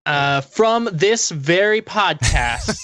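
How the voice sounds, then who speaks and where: A man's voice: fairly high pitch, animated, slow pace, fairly bright tone, no room sound, clean studio sound. A man appearing as a guest on a podcast, telling jokes hesitantly in casual chat.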